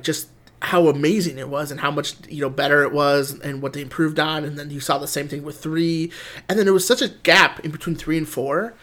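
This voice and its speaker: A man's voice: a little high, fairly bright tone. A man co-hosting a casual podcast chat, talking enthusiastically with many restarts. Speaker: podcast co-host. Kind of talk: casual chat about video games.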